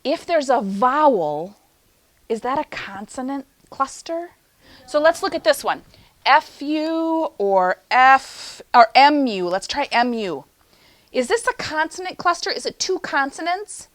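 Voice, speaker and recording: A young adult woman teaching a phonics lesson to young children in an animated, sing-song teacher voice. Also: high-pitched. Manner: animated, sing-song teacher voice, slows for chanted poem lines.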